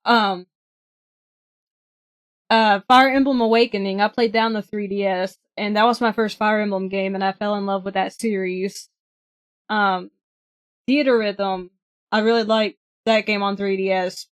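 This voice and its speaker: A woman's voice: medium pitch, fairly even intonation, a little slow, pauses often, clear, resonant tone. Cheerful woman on a gaming podcast. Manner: cheerful, enthusiastic. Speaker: podcast co-host. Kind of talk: casual chat.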